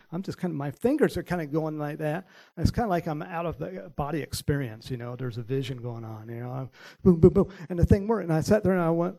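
A man preaching a sermon, acting out a Bible story with voices for the characters and chuckling often, then praying softly, at times in a whisper. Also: on the high side, expressive, brisk, creaky, no room sound, rough recording. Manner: prays softly, sometimes in a whisper. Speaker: pastor.

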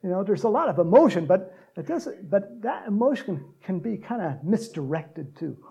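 A man preaching a sermon, joking with the congregation and breaking into loud shouts to act out cheering crowds. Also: high voice, very animated, normal speed, gravelly, lo-fi sound. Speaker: pastor.

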